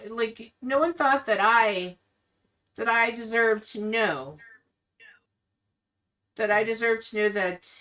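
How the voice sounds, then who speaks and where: A woman's voice: a little high, sharp tone, far from the mic, pitched above the performer's own voice, full character voice. A woman voicing a torn, questioning young woman who speaks in a pleading, emotional way.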